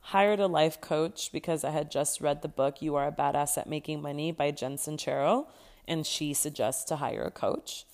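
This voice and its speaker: A woman's voice: deep voice, moderate pace, a little mellow. A young adult woman hosting a podcast, telling her personal story candidly, swearing freely and stressing points through repetition. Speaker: podcast host.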